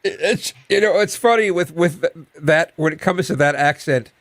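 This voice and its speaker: A man on a live panel, explaining in a halting, self-correcting way during casual chat. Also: on the high side, no room sound, studio quality. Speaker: panel guest.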